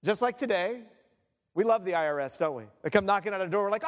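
A man with a high, bright voice delivers a sermon, joking and acting out the people in his stories. The sound carries a long reverb, as if recorded in a large church hall. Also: fast talker. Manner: animated, jokey, acts out quoted voices. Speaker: pastor.

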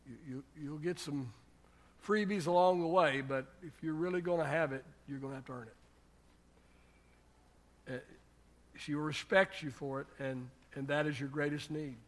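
A man's voice: on the high side, normal speed, long pauses. An older man preaching a sermon on marriage as pastor, telling folksy family stories and building to emphatic exhortation.

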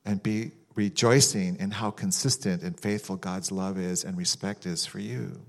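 Male pastor, lowish voice, informal rambling sermon delivery. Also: steady tone, normal speed, gravelly. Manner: conversational, rambling, acts out mock voices with laughter. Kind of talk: sermon with prayer.

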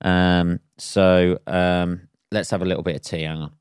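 A man's voice: deep voice, flat delivery, unhurried, clean tone, no room sound, clean studio sound. A man, a stand-up comedian hosting a casual solo podcast, rambling and swearing freely and laughing at his own jokes.

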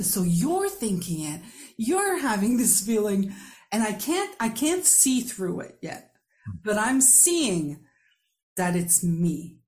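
Higher-voiced woman host, candid and laughing. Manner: open, laughing, animated storytelling. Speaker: podcast host. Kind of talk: candid conversational interview.

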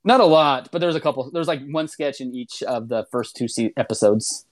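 A man reviewing a comedy show as a podcast co-host talks at a moderate pace in a mid-range voice. His casual chat is a long, loose retelling, with many restarts and lots of "um"s and "like"s.

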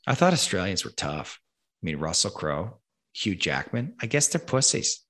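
A man's voice: low voice, very animated, normal speed, fairly bright tone. A man hosting a conversation, ranting angrily and emphatically with lots of swearing. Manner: profane, angry, emphatic ranting. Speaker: podcast host.

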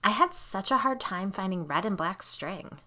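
A woman's voice: mid-range voice, animated, normal speed, sharp tone. A woman voicing a cool, aloof, stylish wealthy mom who speaks in a dry, offhand way.

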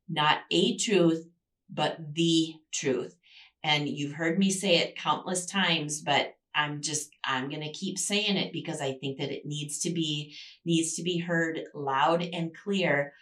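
Lady giving a devotional talk, deep-ish voice, kinda far from the mic, hammers her points. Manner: emphatic, repeats key phrases for stress. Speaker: Christian devotional podcast host. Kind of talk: devotional teaching.

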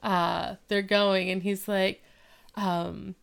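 Smooth-voiced woman retelling a TV episode. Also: medium pitch, drawn-out words. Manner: animated retelling, acting out characters' lines. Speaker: podcast co-host. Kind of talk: casual chat recapping a TV episode.

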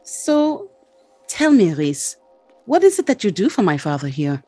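A tabletop player voicing a charming young alien woman who flatters and schemes, over faint music. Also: medium pitch, measured pace, no echo, pitched above the performer's own voice. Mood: sweetly scheming. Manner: sweet, flattering, performatively cute.

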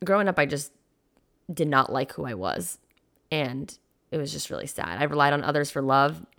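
A woman's voice: low-pitched, a bit bright. A young adult woman hosting her own podcast as a mindset coach, talking in an earnest, heartfelt and encouraging way. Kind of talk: solo motivational podcast talk.

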